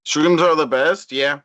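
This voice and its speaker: A man's voice: fairly high pitch, fairly bright tone, no echo, studio quality. A man rambling on a livestream, drowsy and meandering, trailing off while drinking beer. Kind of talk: rambling stream chat.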